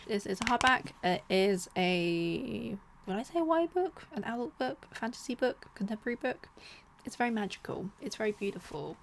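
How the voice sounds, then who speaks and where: A young woman talks casually to camera about her books, chatty and animated. She often drops into whispered asides between livelier bursts. Her voice sits at an ordinary middle pitch. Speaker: book vlogger. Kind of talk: casual chat.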